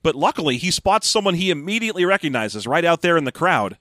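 A man co-hosting a podcast, recapping a book with joking, animated storytelling. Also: on the high side, quick pace, dry recording, studio quality. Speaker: podcast co-host. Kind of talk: casual comedic book recap.

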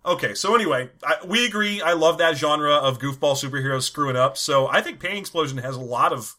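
A man's voice: on the high side, expressive, fast talker, sharp tone. A man co-hosting a casual comedic podcast, playful and laughing as he reads listener questions. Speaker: podcast co-host.

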